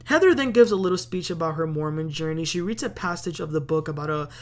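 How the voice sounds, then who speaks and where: A woman's voice: low-pitched, animated, fast talker. Chatty woman giving a TV recap. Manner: chatty and opinionated, lots of "like" and "um". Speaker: host. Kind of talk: casual TV recap commentary.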